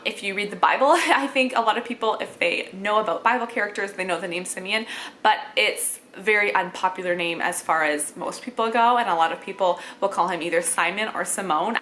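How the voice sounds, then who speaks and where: Bright-voiced chatty mom vlogger woman. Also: mid-range voice, slight background noise. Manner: chatty, with frequent fillers and laughs. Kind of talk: casual chat to camera.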